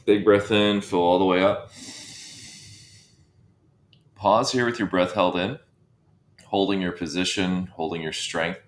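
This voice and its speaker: A man with a low voice guides a breathwork session, giving calm cues and counting the breaths down. His voice carries a roomy echo. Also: measured pace, pauses often, a little hiss or hum. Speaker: breathwork instructor.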